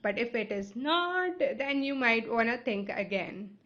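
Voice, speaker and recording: A woman's voice: a little high, lively intonation, unhurried, fairly bright tone. Woman teacher, English not her first language, patient step-by-step explainer who keeps checking in with listeners; slightly muffled audio. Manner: explanatory, checks in with frequent "right?" and "okay?". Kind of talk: instructional video lesson.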